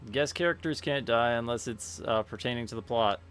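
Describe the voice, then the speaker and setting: A man streaming a tactics game, thinking aloud in a relaxed, casual way with many fillers. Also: mid-range voice, a little fast, clear, resonant tone. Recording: faint game music behind.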